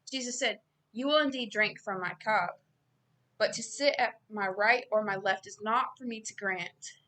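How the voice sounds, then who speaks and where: A woman giving an informal Bible reading and sermon, earnest and growing loud and emphatic as she preaches. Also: mid-range voice, a little slow. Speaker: self-styled preacher.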